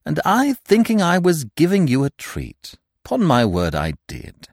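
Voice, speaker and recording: A man voicing a suave, teasing young gentleman thief who talks in a playful, mock-affectionate way. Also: a little high, huge pitch swings, a little slow, no echo, studio quality, voice pushed up, heavily acted.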